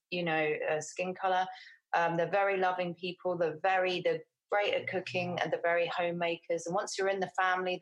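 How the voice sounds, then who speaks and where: Chatty English woman, slightly low voice. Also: fairly bright tone, rough recording. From England. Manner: chatty, rambling with frequent restarts and fillers. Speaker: guest. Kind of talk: casual interview conversation.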